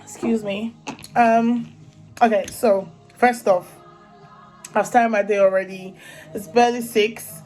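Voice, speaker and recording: A woman's voice: medium pitch, fairly even intonation, slow pace, pauses often, a little mellow, soft background music, low-quality recording. A young woman from Africa with an African accent, chatting casually and animatedly to her vlog viewers and laughing often. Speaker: vlogger.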